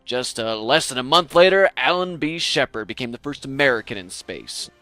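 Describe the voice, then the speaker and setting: A man's voice: mid-range voice, lively intonation, normal speed, bright, forceful tone, no room sound, soft background music. A young man narrating a scripted science lesson in a playful, jokey, theatrical way. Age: young adult. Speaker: science educator.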